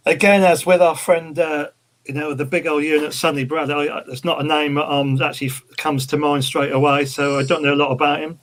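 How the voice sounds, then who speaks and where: A man co-hosting a casual fan podcast, with a slightly raised pitch. He talks haltingly and restarts his sentences as he gathers his thoughts. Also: little pitch movement, fairly bright tone. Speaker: podcast co-host.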